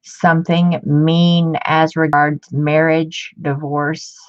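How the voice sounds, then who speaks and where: A woman in her fifties, chatty and excitable, showing off old books in a casual vlog. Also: low-pitched, takes it slowly. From Ohio. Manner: chatty, excitable, muttering asides. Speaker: book collector vlogger. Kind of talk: casual show-and-tell. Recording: dull lo-fi home recording.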